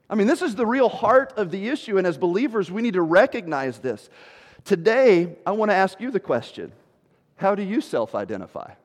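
A man in his forties preaching a sermon as pastor, animated, acting out what people say. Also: high voice, long reverb tail. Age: 40s. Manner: animated preaching, quoting people in put-on voices.

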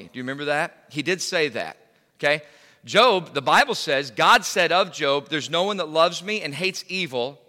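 A middle-aged man preaching a sermon, telling a personal story in an animated way, repeating words and bursting into loud cries. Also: fairly high pitch. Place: church hall. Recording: reverberant hall.

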